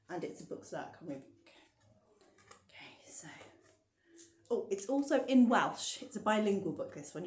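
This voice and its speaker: A woman's voice: on the low side, darkish tone, reverberant. A woman librarian leading a baby rhyme and picture-book session, cheerful and encouraging as she talks to the little ones. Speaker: children's librarian.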